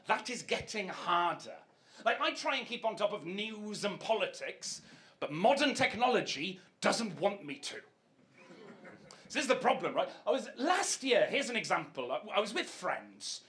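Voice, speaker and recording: A man's voice: high-pitched, big pitch swings, normal speed, fairly bright tone. A man with a Welsh accent doing wry, exasperated stand-up comedy on a club stage. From Wales. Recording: live club recording, audience noise.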